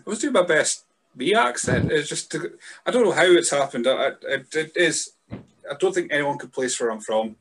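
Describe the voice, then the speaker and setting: A man's voice: fairly high pitch, lively intonation, normal speed, a bit bright, a little hiss or hum. Laid-back sweary Scottish man. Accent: mild Scottish. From Scotland. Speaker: podcast guest. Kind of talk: casual chat.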